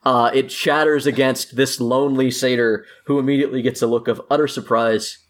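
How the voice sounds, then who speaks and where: A man running a tabletop game as game master, narrating scenes in a relaxed, chatty way and laughing often. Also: mid-range voice, fairly quick.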